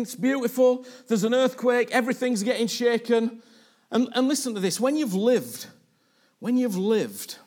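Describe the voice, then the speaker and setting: Man, preacher, sermon, high voice, emphatic, repeats himself, rhetorical questions.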